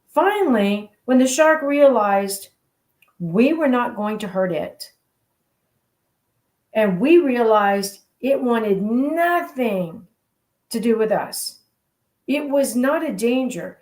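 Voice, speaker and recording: A woman hosting a radio talk show who tells stories in a lively, playful way to encourage her listeners. Her voice sits fairly high. The recording rings with a roomy echo. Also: takes it slowly. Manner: animated, playful storyteller. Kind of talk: motivational storytelling talk.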